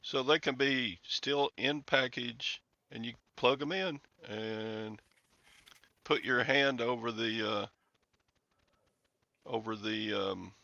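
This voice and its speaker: A man's voice: mid-range voice, slow pace, gravelly, pushed and bright, no echo, muffled recording. A man hosting a casual live-stream chat, rambling through anecdotes and laughing often. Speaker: show host.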